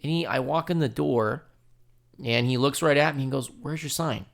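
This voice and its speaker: A man hosting a podcast, telling a story in a casual, profane, animated way and laughing often. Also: mid-range voice, normal speed, vocal fry. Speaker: podcast host.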